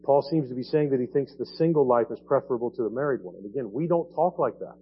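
A man preaches in a church, relaxed and conversational, with frequent "right?" tags aimed at the congregation. The recording sounds dull and lo-fi, with a faint hum underneath. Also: medium pitch, fast talker. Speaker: pastor. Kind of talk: sermon. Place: church sanctuary.

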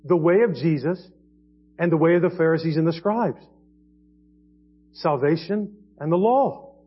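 Husky-voiced preacher, dull church recording. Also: male voice, on the high side, unhurried. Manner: earnest preaching, swinging from quiet to emphatic. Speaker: pastor. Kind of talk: sermon. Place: church sanctuary.

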